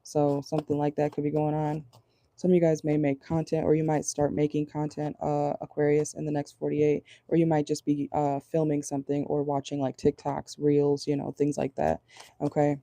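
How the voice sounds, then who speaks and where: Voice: mid-range voice, completely flat delivery, normal speed, mellow. A tarot reader giving a casual channeled reading from a car, talking bluntly, swearing and laughing often. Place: parked car.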